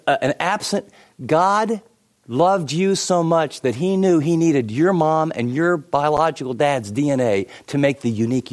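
A middle-aged man preaching a sermon, telling stories with many asides and shifting between lively and hushed delivery. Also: fairly high pitch. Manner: animated storytelling with many asides. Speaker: pastor.

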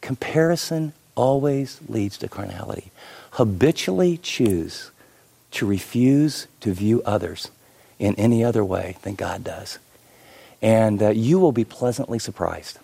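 A middle-aged man preaching a sermon, telling stories with many asides and shifting between lively and hushed delivery. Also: mid-range voice, creaky. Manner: animated storytelling with many asides. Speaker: pastor.

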